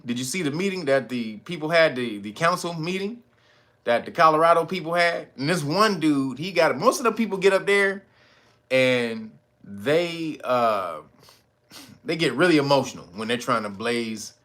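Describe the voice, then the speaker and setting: A man hosting a casual news commentary show, talking in a profane, slangy way and acting out quotes in loud high voices between laughs. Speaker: commentary podcast host.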